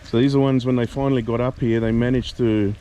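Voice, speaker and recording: An Australian man with a dark, mellow voice at an ordinary middle pitch, chatting to camera outdoors. He speaks in a relaxed, conversational way, calling his viewers "mate." Faint rain sits in the background. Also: fast, muffled recording, a little hiss or hum. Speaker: travel vlogger. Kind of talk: casual walking tour commentary.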